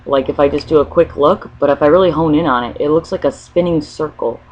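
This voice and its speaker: A woman talks through a casual vlog monologue, rambling and restarting her sentences as ideas come to her. Her voice is husky and a little breathy. The recording sounds dull and lo-fi. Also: low voice, quick pace, darkish tone. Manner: rambling, thinking aloud, often restarts mid-sentence. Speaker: spiritual vlogger.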